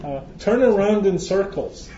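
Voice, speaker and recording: A man's voice: high-pitched, expressive, unhurried, mellow. A man from Canada, giving a joking, chatty lecture to a live audience and often restarting his phrases. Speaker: conference speaker. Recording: roomy, dull hall recording.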